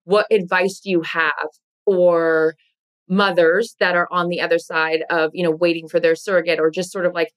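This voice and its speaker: A woman hosts a podcast and asks questions in relaxed conversation. Her voice sits slightly low. She talks in a chatty way with lots of fillers. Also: normal speed. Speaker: podcast host. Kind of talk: casual chat.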